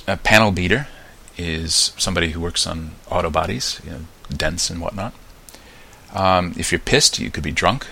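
A man's voice: sits low, vocal fry, pushed and bright, husky. An American man with a slight New Zealand mix in his accent, hosting a podcast in a rambling, chatty monologue full of ums and restarts. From United States. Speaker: podcast host.

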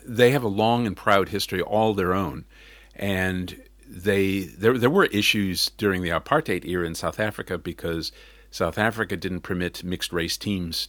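A man with a low, deep voice and a mixed accent talks on his own in a loose, meandering way. He stops to correct himself and chuckles now and then. The recording is dry, with no room sound. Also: fairly bright tone, no echo. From not New Zealand. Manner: rambling, self-correcting, chuckles often. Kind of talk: casual monologue.

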